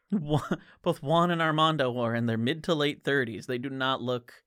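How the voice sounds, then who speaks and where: A man talking in relaxed, casual conversation, retelling a story with animated quoted voices. His voice sits in the middle range and sounds dry and close, with no room echo. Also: mid-range voice, normal speed, clean tone. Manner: animated retelling, quoting characters. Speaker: podcast co-host discussing a book. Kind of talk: casual chat.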